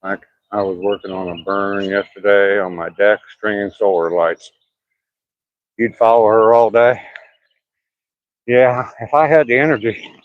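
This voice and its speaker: A man's voice: fairly low pitch, unhurried, long pauses, no room sound, lo-fi sound. An older man talking casually on a live stream while out walking outdoors, joking and laughing at his own remarks. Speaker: vlogger live streaming a walk.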